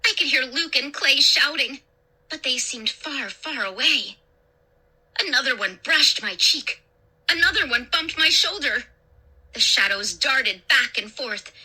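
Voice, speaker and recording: A woman storyteller reading a first-person horror story in a dramatic, expressive way. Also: high-pitched, a little slow, husky. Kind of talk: scripted horror story narration.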